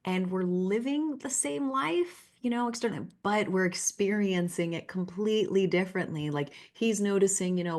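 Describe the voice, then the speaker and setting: A woman's voice: mid-range voice, normal speed, darkish tone. A woman speaking as a guest in a casual interview, telling personal stories in an earnest, heartfelt way.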